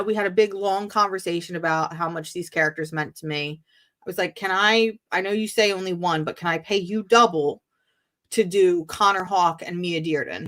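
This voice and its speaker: A woman telling an animated story as a guest on a live-streamed video call interview, acting out the dialogue. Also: lowish voice.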